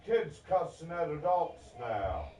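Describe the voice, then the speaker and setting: A man's voice: fairly high pitch, big pitch swings, slow, warm tone, slight background noise. A man delivering an angry, profane, rambling rant on his vlog. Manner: profane, agitated, disjointed. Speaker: vlogger. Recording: echoey, distant, muffled.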